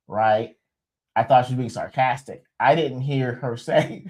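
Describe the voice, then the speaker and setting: Casting: young man, middle-pitched voice, casual storyteller, lots of restarts. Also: unhurried. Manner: rambling, joking, with many restarts and laughs. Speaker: co-host, expectant father. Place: home livestream.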